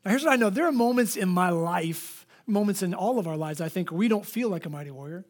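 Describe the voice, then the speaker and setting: Male pastor with a high voice, preaching in a church; lively storyteller who voices the people in his stories. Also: fast. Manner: animated storytelling, acts out quoted voices. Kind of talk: preached sermon.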